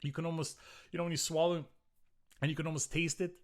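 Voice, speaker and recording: A man's voice: a little high, level tone, fast. A middle-aged man hosting a solo podcast, ranting in a profane, rambling way with frequent restarts. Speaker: podcast host.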